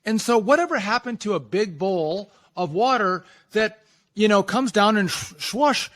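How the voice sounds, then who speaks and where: A man's voice: high-pitched, animated, normal speed, a bit bright. A man co-hosting a podcast, blunt and mocking in casual talk. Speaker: podcast co-host. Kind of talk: casual political chat.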